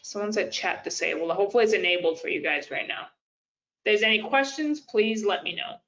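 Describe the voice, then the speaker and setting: A woman's voice: mid-range voice, lively intonation, brisk, a bit bright. A woman business coach giving a live webinar presentation, talking directly and casually to her audience with frequent fillers. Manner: chatty and direct, addresses "you guys", frequent fillers. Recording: lo-fi webinar audio.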